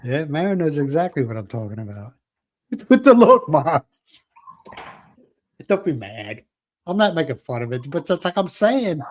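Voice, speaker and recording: A man chats casually on a livestream, his voice sitting a little high. He talks in an animated way, repeats phrases and laughs often as he answers viewers. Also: normal speed. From South Philadelphia. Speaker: livestream host. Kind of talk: casual live chat with viewers.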